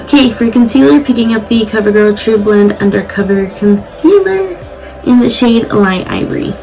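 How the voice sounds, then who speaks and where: A woman's voice: fairly high pitch, animated, normal speed, dark tone, low-quality recording. Chatty, blunt young woman vlogger. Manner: chatty, blunt, swears casually. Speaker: beauty vlogger. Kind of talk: casual get-ready-with-me chat. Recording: music playing behind the voice. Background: music.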